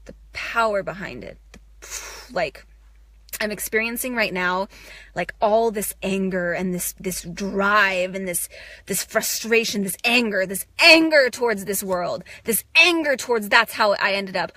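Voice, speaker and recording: A woman's voice: mid-range voice, measured pace, pushed and bright, no room sound. A young woman giving a raw, emotional self-help monologue, intense and swearing, breaking into bursts of laughter. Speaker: spiritual speaker.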